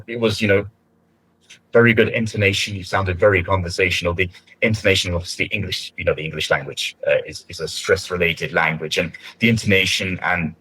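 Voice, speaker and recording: A man giving spoken feedback on a mock speaking test, encouraging and conversational, often pausing and restarting his sentences. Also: on the low side, a bit bright, breathy edge, rough recording.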